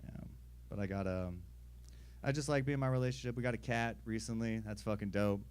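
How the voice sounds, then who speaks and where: A man's voice: lowish voice, a little fast, clear, resonant tone. Crude young man doing stand-up. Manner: crude, deadpan storytelling with acted-out voices. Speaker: stand-up comedian. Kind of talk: stand-up comedy set.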